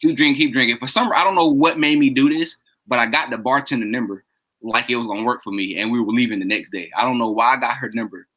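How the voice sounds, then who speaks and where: A fast-talking man with a mid-range voice, recorded roughly, plays podcast co-host telling friends a long story. His casual, animated telling is full of laughter and reenacted dialogue.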